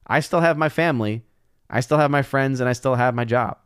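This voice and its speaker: On a relaxed livestream, a man reads out viewer comments and responds with lighthearted, chatty remarks. His medium-pitched voice is smooth and brisk, recorded at studio quality with no room sound.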